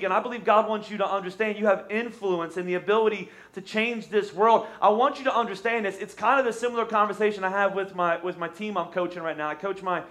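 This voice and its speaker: A man, an energetic pastor preaching a sermon from a church stage and urging the congregation to respond. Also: high voice, fast talker, few pauses.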